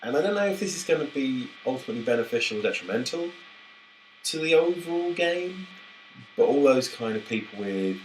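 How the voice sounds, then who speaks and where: A man's voice: medium pitch, animated, fairly quick, slight background noise, poor audio. A man co-hosting a podcast in casual chat, rambling and jokey, often breaking off mid-sentence. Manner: rambling, self-interrupting, jokey. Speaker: podcast co-host.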